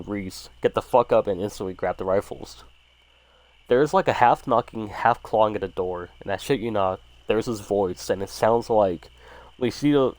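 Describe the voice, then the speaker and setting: A man's voice: on the low side, darkish tone, dry recording. A man casually reading a horror story aloud, swearing freely and stumbling over words now and then. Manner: casual, profanity-laced, stumbles and restarts.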